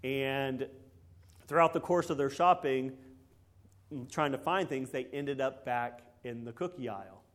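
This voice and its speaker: A man of middle pitch preaching a relaxed, conversational sermon. His manner is folksy and storytelling. He keeps checking in with the congregation through little tag questions. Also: measured pace.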